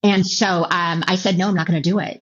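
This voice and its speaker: A middle-aged woman telling her personal story as an interview guest, halting and emotional, with many restarts and repeated words. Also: fairly low pitch, steady tone. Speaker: author and keynote speaker, guest. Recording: dull lo-fi audio.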